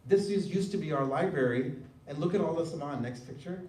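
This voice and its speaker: A middle-aged man giving a personal testimony talk, an animated storyteller who mimics voices when he quotes others. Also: on the high side, a little fast. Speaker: devotional speaker. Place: hall at a spiritual center. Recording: echoey room, voice from far off, faint room noise.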